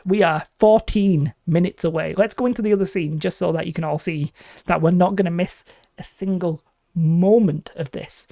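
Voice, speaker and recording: A chatty man from northwest England with a Lancashire accent, talking casually to his viewers and reading out chat comments. His voice has a gravelly edge. He speaks into a desk mic in a small room at home, and the sound is dry and close. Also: high voice, a little mellow, no echo. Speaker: streamer. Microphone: desk microphone.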